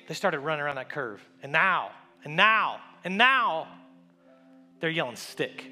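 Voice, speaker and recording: A man preaching a sermon, telling a story and building to a loud, repeated call with rising refrains. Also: on the high side.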